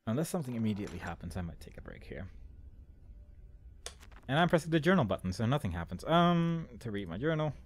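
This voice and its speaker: A man's voice: mid-range voice, big pitch swings, quick pace, pauses often. A man casually commenting on a horror game as he plays, rambling and amused, talking back at the characters. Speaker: let's play commentator.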